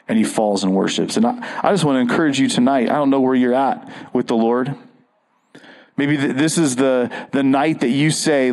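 A man's voice: medium pitch, moderate pace, darkish tone, poor audio. A man preaching an earnest, conversational sermon as a pastor, often restarting his phrases.

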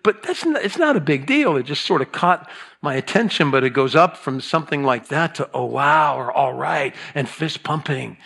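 With a gravelly, medium-pitched voice that's fairly bright, this middle-aged pastor preaches in a chatty, conversational way. He tells stories, tosses in playful asides, and prompts the congregation to join in.

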